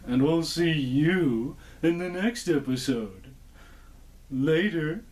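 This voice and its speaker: A man voicing a mild, drowsy dog puppet with a slow, laid-back drawl in a ventriloquist act. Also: a little high, lively intonation, a little mellow, distant mic.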